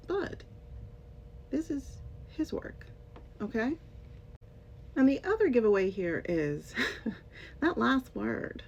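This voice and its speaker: A woman speaking slowly in a dark, gravelly voice, giving casual commentary straight to her viewers. Her delivery is sarcastic and pointed, with heavy emphasis. The recording sounds dull and lo-fi, with a faint rumble underneath. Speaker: commentator, former English teacher.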